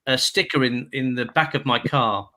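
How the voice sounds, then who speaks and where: A man's voice: mid-range voice, moderate pace, noisy background. A man from England, a radio presenter, telling chatty anecdotes and jokes as a guest on a casual show. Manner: chatty anecdotes with jokes, puts on voices in quotes. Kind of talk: casual chat, storytelling.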